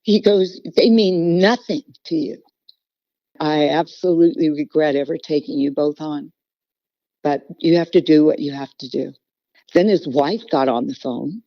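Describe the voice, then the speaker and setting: A woman's voice: sits low, moderate pace, dry recording. A middle-aged woman, a podcast guest, telling a personal story earnestly and with feeling. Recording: dull, lo-fi podcast audio.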